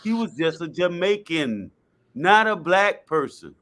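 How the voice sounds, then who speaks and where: A man's voice: fairly high pitch, big pitch swings, a little slow, a bit bright. A man talking casually and bluntly, explaining his view at length with repeated points and slang. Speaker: guest speaker. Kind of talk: casual discussion.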